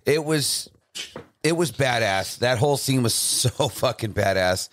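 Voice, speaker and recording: A man co-hosting a movie podcast, excitable in casual chat and swearing freely. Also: medium pitch, unhurried, slight background noise.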